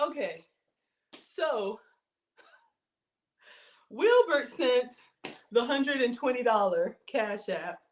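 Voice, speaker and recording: A middle-aged woman, hosting a cooking livestream in a chatty, excitable way and reading viewer comments aloud. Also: a little high, extremely slow, pauses often. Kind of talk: casual livestream chat.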